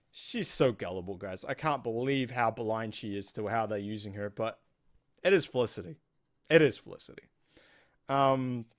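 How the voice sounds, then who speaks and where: A man with a New Zealand accent casually recapping a TV episode, rambling and acting out the characters' lines. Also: medium pitch. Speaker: host.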